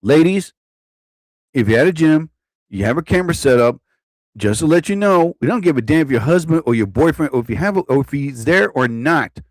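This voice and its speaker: A man's voice: on the high side, animated, a little fast, no room sound. A man hosting a live stream, ranting in a rambling, profane way and often repeating himself. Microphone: own desk mic.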